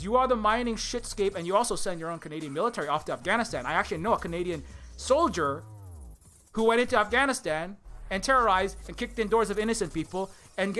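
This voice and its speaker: A man's voice: high voice, pushed and bright. A man, an indie game developer, delivering an angry, profane political rant with frequent stumbles and repeated words. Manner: angry, profane, rapid-fire ranting with stumbles.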